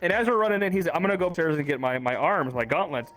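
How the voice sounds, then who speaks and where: A man's voice: fairly high pitch, rapid-fire. A man recapping a roleplay session in casual chat, telling it animatedly and swearing often. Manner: animated storytelling, swears often, acts out quotes.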